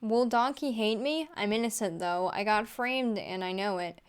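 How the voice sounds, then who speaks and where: A woman's voice: medium pitch, normal speed, clear, resonant tone, close to an everyday voice. A woman voicing a self-pitying male ogre in a read-aloud story, keeping close to her own voice. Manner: read aloud in near-natural voice.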